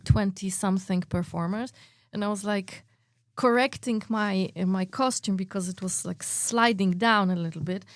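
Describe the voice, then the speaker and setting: Her mid-range voice is recorded with studio quality and no echo. Originally from Poland with Polish as her first language, this performer appears as a radio guest sharing personal stories, animated, acting out her reactions and peppering her talk with "like."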